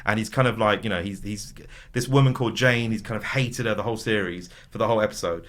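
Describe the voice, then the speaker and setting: A man's voice: lowish voice, fairly even intonation, fast talker, fairly bright tone. A man in casual podcast chat as a guest, telling stories in a rambling way full of fillers. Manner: rambling storyteller, many fillers.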